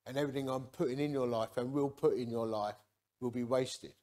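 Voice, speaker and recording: A man quoting a preacher who speaks solemnly as if God is talking, in a hushed, grave, commanding way. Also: medium pitch, steady tone, a little fast, pitched below the performer's own voice, close to an everyday voice.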